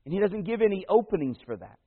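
A man preaching a sermon as pastor, telling a personal story in a folksy way, moving between loud emphatic passages and hushed slow ones. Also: high voice, sing-song, slightly rough. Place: church. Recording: tinny phone-like radio broadcast in a big reverberant hall.

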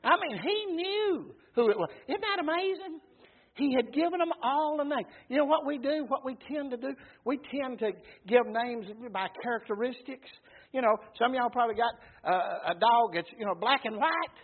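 High-voiced preacher, phone-like sound. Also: male voice, moderate pace. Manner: folksy storytelling preacher, calls out "Amen?". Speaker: pastor. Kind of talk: sermon. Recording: muffled phone-like recording.

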